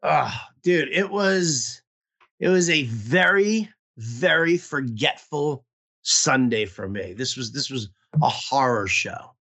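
A man's voice: medium pitch, expressive, takes it slowly, sharp tone. A man in casual podcast chat, telling a rambling, profane story about his bad fantasy football week while nursing a toothache. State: toothache pain. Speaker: podcast co-host.

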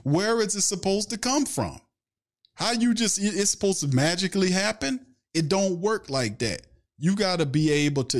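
Man ranting as a sports podcast host. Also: a little high. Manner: animated, ranting, rhetorical questions; takes viewer questions from chat. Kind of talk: casual fan commentary.

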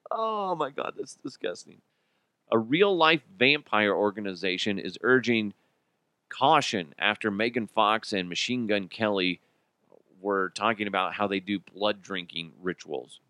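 A man's voice: on the low side, no room sound. A man hosting a comedy podcast alone, swearing freely and laughing often as he rants. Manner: profane, animated, laughs often. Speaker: podcast host. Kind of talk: comedic solo commentary.

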